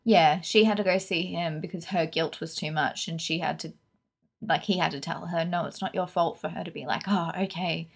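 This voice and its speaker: A woman's voice: low-pitched, fairly even intonation, moderate pace, vocal fry, slightly rough. A woman, co-hosting a podcast and giving frank, opinionated film reviews in casual chat. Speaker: podcast co-host.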